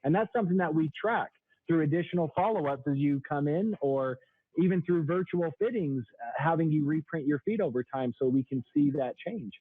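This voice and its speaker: Brisk and husky, a man in his thirties pitches and explains products as a sales trainer on a radio show. The call sounds tinny and dry, with no room sound.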